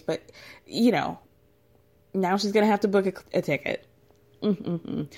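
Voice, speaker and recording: A woman's voice: mid-range voice, mellow. A woman recapping a reality show in a casual, gossipy, chatty way, laughing often.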